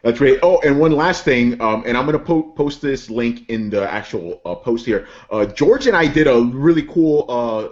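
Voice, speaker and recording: A man's voice: medium pitch, expressive, moderate pace, hardly any pauses, a little mellow, highs cut off. A man with a New York Queens accent hosting a podcast in casual chat, laid-back, swearing freely and laughing often. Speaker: podcast host.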